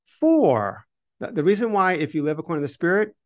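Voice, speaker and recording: A man's voice: sits high, very fast. A man co-hosting a Bible podcast, explaining scripture in conversation and reading verses with emphasis.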